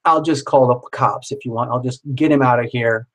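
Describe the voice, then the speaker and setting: A man voicing a bartender who speaks low and hushed, offering to help. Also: brisk, close to an everyday voice. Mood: concerned.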